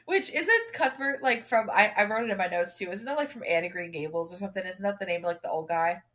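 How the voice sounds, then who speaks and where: A woman's voice: mid-range voice, lively intonation, quick pace, a bit bright. A young woman co-hosting a book podcast, speaking emphatically and getting indignant over characters. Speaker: podcast co-host. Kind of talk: casual book review chat.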